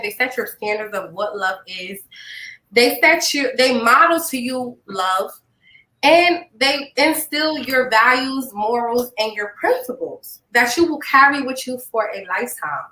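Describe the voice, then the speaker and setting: Woman podcast host, high bright voice, animated, blunt, profane, echoey room. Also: measured pace. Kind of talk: casual podcast chat.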